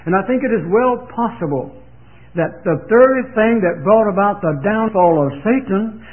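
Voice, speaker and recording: A man preaching a sermon, reading scripture aloud and stretching key words out slowly for emphasis. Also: high voice. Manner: emphatic, drawn-out preaching with slowed, weighty phrases. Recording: tinny phone-like band-limited recording.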